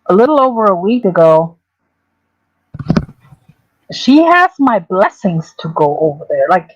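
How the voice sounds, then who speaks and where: A woman hosting a casual livestream, talking in a halting, hesitant way with many restarts. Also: on the low side, sing-song, no room sound, dull audio.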